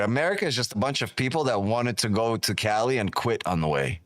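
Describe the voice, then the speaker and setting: A man's voice: on the low side, expressive, brisk, no echo, soft background music. A man hosting a live trading stream, joking and teasing viewers in casual, profane banter. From New York.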